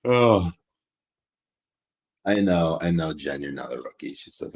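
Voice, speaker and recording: Man with a very low voice, jokey co-host reading out audience comments. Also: big pitch swings, measured pace, a little mellow. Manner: jokey, laughs while reading viewer comments aloud. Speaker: co-host reading viewer chat. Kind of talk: casual livestream chat.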